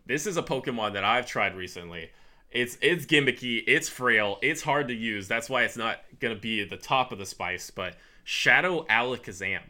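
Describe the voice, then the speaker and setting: Here a podcast co-host runs through his ranked picks in a casual, animated chat, quick to laugh. He speaks at a normal speed in a mid-range voice that sounds pushed and bright.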